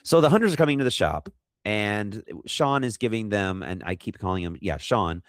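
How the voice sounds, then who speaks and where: A man co-hosting a podcast, rambling through a movie recap and acting out quotes in quick funny voices. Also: on the low side, lively intonation, no room sound, clean studio sound. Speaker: podcast co-host. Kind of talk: casual movie recap chat.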